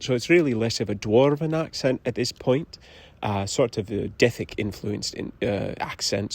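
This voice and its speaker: Man as a gruff Scottish-accented dwarf, low and gravelly. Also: darkish tone.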